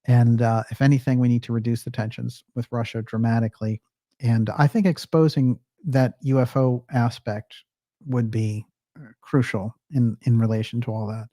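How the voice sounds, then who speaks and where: A man's voice: medium pitch, steady tone, normal speed, dark tone, no room sound, clean studio sound. A man hosting a livestream, chatting casually and reading out viewer comments, with frequent fillers. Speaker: livestream host.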